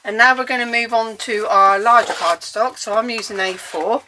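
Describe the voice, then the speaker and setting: A woman's voice: on the high side, moderate pace, sharp tone, a little hiss or hum. An English woman giving a chatty, step-by-step cardmaking tutorial while she works at her crafting table.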